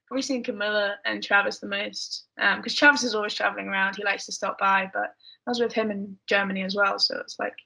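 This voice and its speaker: A woman's voice: mid-range voice, little pitch movement, fast, gravelly, bright, forceful tone, rough recording. A young woman with an English accent, chatting casually as a podcast guest, mumbly with lots of fillers. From England. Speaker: guest athlete.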